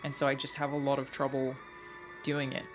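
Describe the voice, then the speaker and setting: A woman's voice: a bass voice, completely flat delivery, a little fast, over music. A woman, a voice actor giving chatty, reflective commentary while streaming a game. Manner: chatty, reflective, many fillers. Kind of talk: casual gameplay commentary.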